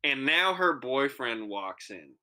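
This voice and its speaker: A young man with a bright, clear voice co-hosts a podcast and tells a sprawling story in loose, casual chat. He swears freely and acts out the people in the story as he goes. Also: medium pitch, slow. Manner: animated, profane, acts out quoted voices. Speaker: podcast co-host.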